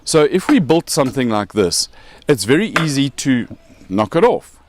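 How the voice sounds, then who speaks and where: A man's voice: mid-range voice, big pitch swings, normal speed, noisy background. A man with a South African accent hosting a casual show, explaining with props and joking along the way. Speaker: podcast host.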